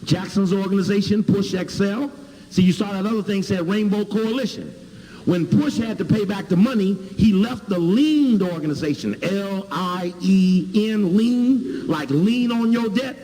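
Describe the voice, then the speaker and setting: A man's voice: high voice, moderate pace, warm tone. A man from Chicago giving an emphatic lecture with video clips, spelling out and repeating key words. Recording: hall reverb, faint ambience.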